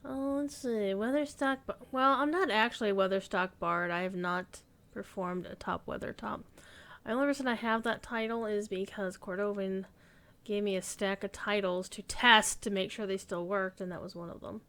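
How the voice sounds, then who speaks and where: A woman's voice: medium pitch, moderate pace, fairly bright tone. A woman streaming a game, chatting casually and rambling as she thinks aloud. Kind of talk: casual gaming stream chat.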